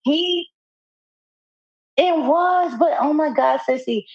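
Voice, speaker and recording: A woman co-hosting a podcast tells a story in loose, casual chat, animated and profane and often laughing. Her voice is high and her pace slow. The sound is dull and lo-fi, dry and close, with no room sound.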